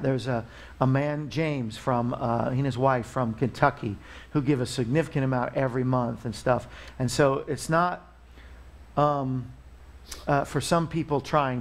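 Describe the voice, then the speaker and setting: A man's voice: mid-range voice, gravelly. A man hosting a live talk show, chatting casually and rambling as he pleads for donations. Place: Missouri studio.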